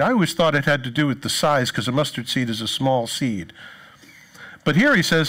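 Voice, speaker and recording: A pastor delivers his sermon in a slightly high-pitched male voice. He tells stories with animation, acting out the voices of the people he quotes. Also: very animated, brisk, a bit bright.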